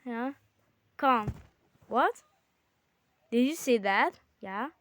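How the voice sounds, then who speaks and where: High, slow-talking excited girl gaming. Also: no echo. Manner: excitable, bickering, quick exclamations. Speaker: gamer. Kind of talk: casual gaming chat with a sibling.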